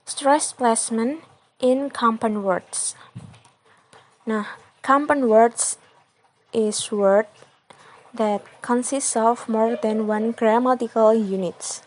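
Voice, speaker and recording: A young woman presents to her class in a slow, measured voice pitched a little high. She reads each example carefully, pausing between short phrases. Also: steady tone, poor audio. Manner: careful, halting reading of examples. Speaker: student presenter.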